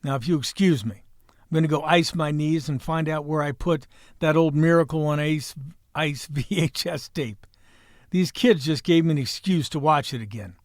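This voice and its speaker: A man in his sixties hosting a podcast, delivering a folksy, wisecracking monologue with salty language and a hoarse voice. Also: on the high side, normal speed, no room sound, studio quality. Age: 60s. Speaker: podcast host. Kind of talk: opening monologue and casual chat.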